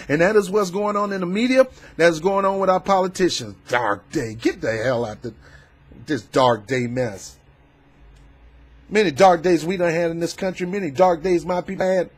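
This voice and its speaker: A man doing a casual political commentary vlog, talking in a fervent, preachy, colloquial way with loud emphatic outbursts. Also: a little high, moderate pace, slightly rough. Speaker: YouTube commentator.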